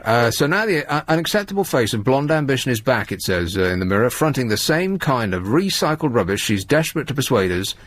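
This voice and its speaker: Male talk-radio host, sardonic, animated pitch. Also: fairly quick, hardly any pauses, dry recording. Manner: dry, sardonic, reads tabloid quotes aloud. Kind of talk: late-night radio talk with callers. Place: radio studio.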